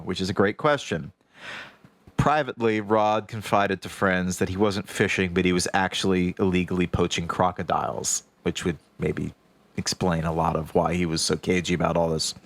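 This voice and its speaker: A man's voice: low-pitched, moderate pace, no room sound. A man co-hosting a podcast, reading his notes aloud as wry, casual storytelling. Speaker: podcast co-host.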